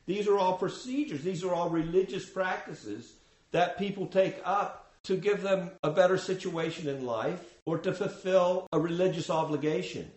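A man giving a scripture class, explaining in a measured way with frequent restarts. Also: sits high, darkish tone, echoey room, rough recording. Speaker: spiritual teacher.

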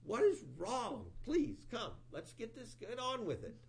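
A giant male demon, as a man puts him on for a sermon, cries out in a voice pushed far above a normal speaking pitch. He sounds pleading and insistent and keeps pressing urgently. The voice is loud and strained. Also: sing-song, measured pace, vocal fry, full character voice. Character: huge male demon begging to be slain.

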